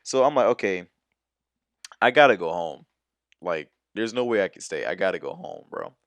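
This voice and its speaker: Low-voiced young man telling a story. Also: normal speed, creaky, no echo. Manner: rambling, slangy, animated retelling with many fillers. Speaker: storyteller vlogger. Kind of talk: casual storytime monologue.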